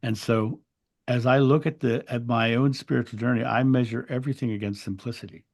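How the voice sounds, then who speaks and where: A man's voice: medium pitch, fairly even intonation, brisk, darkish tone. A man telling a spiritual story in an interview, earnest and reflective, often restarting his words. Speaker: interview guest.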